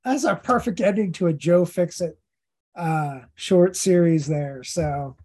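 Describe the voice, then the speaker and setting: Podcast host, unhurried and rambling, lots of ums, casual comic recap. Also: mid-range voice, mellow. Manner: rambling, hesitant, many fillers.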